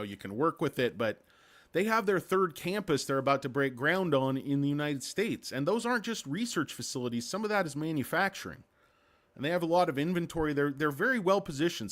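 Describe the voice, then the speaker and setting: A man's voice: on the high side, fairly bright tone. A man hosting a casual stock market livestream, rambling and sarcastic, with crude jokes and lots of fillers.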